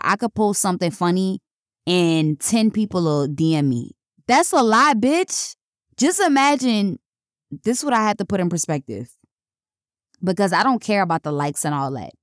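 A young woman hosting her own podcast in casual, blunt chat, swearing freely and jumping up in pitch when excited. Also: normal speed, no room sound, clean studio sound. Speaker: podcast host.

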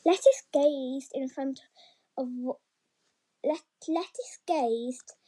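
A woman reading a children's picture book aloud, chatty and encouraging, with frequent ums and stumbles as she pauses to ask the listeners questions. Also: high voice, dark tone, poor audio. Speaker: story reader for young children.

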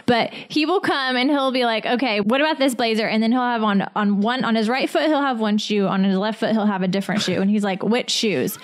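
A woman in her thirties co-hosting a casual podcast, chatty and animated, laughing often as she tells stories. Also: fairly high pitch, brisk, few pauses. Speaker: podcast co-host. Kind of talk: casual chat.

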